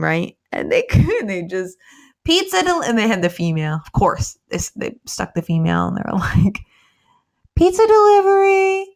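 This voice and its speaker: A woman's voice: fairly low pitch, vocal fry. A woman who is a police officer hosts a podcast in a casual, rambling monologue, swearing freely and talking tired late at night. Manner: rambling, profane, emphatic, many fillers.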